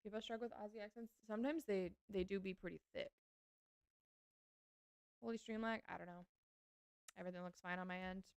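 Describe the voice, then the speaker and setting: A woman's voice: medium pitch, fairly even intonation, brisk, long pauses, clear, resonant tone, no echo. A woman streamer chatting casually with her chat while playing a game. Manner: chatty, answering chat as she plays.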